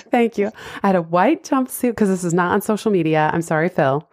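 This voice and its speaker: A woman's voice: on the low side, animated, a little fast, darkish tone. A woman hosting a podcast in casual chat, bubbly and laughing often. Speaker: podcast host.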